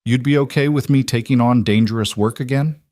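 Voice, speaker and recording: A man's voice: mid-range voice, fairly quick, no echo, studio quality, pitched above the performer's own voice, lightly acted. A man playing a solemn, weary frontier lawman. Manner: steady and solemn. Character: weary, devoted former lawman and husband.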